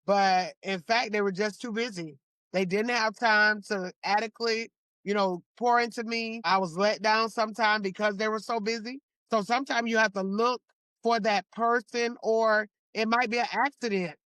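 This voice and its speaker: A woman's voice: medium pitch, fairly even intonation, normal speed, no echo. A woman speaking as a guest on a faith podcast, giving earnest advice in casual conversation. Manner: earnest, warm advice-giving, exclaims to the Lord. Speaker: podcast guest, church mentor.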